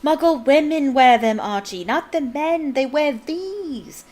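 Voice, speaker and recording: Woman putting on a fed-up wizard guy, pleading loud and bouncy. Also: high voice, lively intonation, slow pace, pitched above the performer's own voice. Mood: exasperated. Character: exasperated male ministry wizard.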